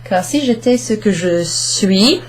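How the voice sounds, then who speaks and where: At a measured pace, a woman with an expressive mid-range voice explains French step by step to the camera, correcting herself out loud along the way. It's an online language lesson shot indoors under a hot studio light.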